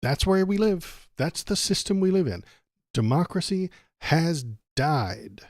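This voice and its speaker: A man's voice: on the high side, big pitch swings, unhurried, a little mellow, dry recording. Sarcastic ranting male streamer, dry sound. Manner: sarcastic, ranting, stumbling over words. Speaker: political livestream host. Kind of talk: casual political commentary.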